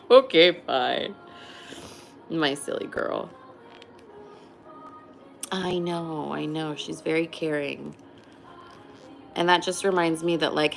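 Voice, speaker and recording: A woman's voice: sits low, gravelly. A young woman hosting a casual livestream, chatting and laughing as she answers viewers. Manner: chatty, laughs often, reads and answers chat. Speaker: livestream host.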